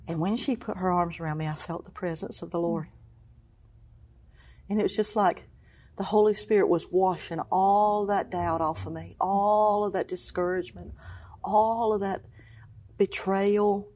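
A middle-aged woman telling her story of faith as an interview guest, acting out what people said, moving between hushed and excited tones. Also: mid-range voice, a little slow. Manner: storytelling, acts out quoted voices, swings from hushed to exclaiming. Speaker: guest, cancer survivor. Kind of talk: emotional personal testimony.

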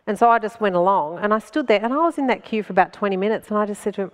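A woman with an Australian accent, a stand-up comedian telling a story as a guest in an animated way and laughing between phrases. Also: medium pitch, racing, hardly any pauses, in a large hall. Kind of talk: anecdotal storytelling in conversation.

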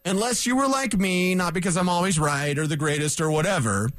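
A man's high voice, a little fast and a bit bright, recorded with no echo. He's a sports radio host in a studio on a fired-up, combative rant, hammering his points home emphatically and repeating them for punch.

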